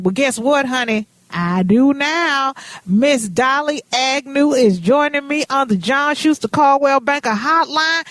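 A woman's voice: high-pitched, measured pace, a bit bright, no echo. Chatty woman radio host. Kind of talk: casual radio talk.

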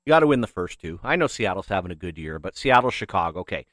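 A man's voice: sits low, fast talker, no room sound, clean studio sound. A man co-hosting sports talk radio, joking around animatedly and tacking "eh" onto his lines. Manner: jokey, animated, says "eh".

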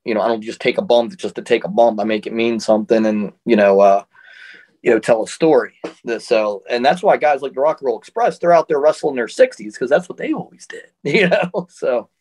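Casting: relaxed male wrestler, chatty storyteller, easygoing, laughs between stories. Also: mid-range voice, brisk. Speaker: interview guest, professional wrestler. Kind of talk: casual storytelling.

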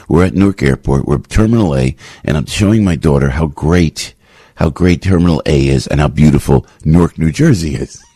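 A man hosts a radio talk show from a studio in a deep, husky voice. He rants with emphatic, punchy repetition, and his voice sounds close and dry. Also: darkish tone, no echo. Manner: ranting, emphatic, repeats phrases. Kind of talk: opinionated radio monologue.

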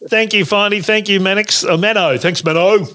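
A woman's voice: medium pitch, moderate pace, a bit bright. A woman hosting a podcast, reacting with mock-shocked exclamations and wrapping up the show. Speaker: podcast host. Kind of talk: casual chat.

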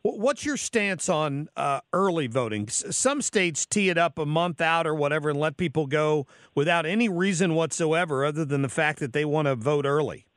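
A man with a fairly high voice hosts a radio talk show in a casual, chatty way, often restarting his sentences. He sits close to the mic in a dry studio, with no room sound around him. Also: normal speed, hardly any pauses, a bit bright, no echo.

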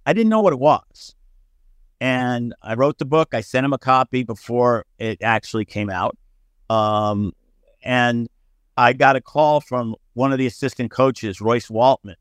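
Animated storytelling man, dry sound. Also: mid-range voice, no room sound. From United States. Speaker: sportswriter guest. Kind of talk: storytelling podcast interview.

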